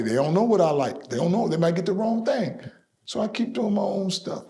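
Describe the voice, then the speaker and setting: A man's voice: high voice, a little fast, gravelly, a little hiss or hum. A middle-aged man, an interview guest, telling boastful stories and acting out the voices of the people in them. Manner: boastful, lively, acts out quoted voices. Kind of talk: animated storytelling in an interview.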